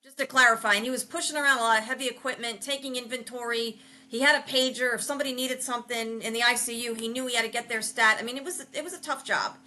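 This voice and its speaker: A middle-aged woman hosting a podcast, telling family stories in a lively way, laughing often and acting out quotes. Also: a little high, fast talker, few pauses. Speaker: podcast host. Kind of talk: casual family storytelling.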